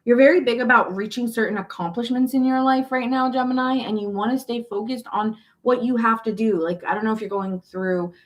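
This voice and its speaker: A woman's voice: fairly high pitch, steady tone, a little fast, hardly any pauses. A woman giving a casual tarot reading, talking in a chatty, emphatic way, restarting and repeating phrases and turning blunt and exasperated. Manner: blunt and exasperated, swears in quoted asides. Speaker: tarot reader.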